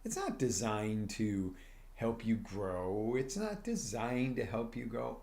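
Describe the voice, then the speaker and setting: A male life coach giving an energetic motivational talk on a live stream, speaking straight to his viewers and acting out little scenes. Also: fairly low pitch, slow, creaky.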